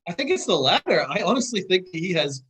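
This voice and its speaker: A man on a sports podcast, chiming in with quick agreements and short takes. His voice is high and lively, swinging up and down. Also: husky. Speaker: podcast guest. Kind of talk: casual sports chat.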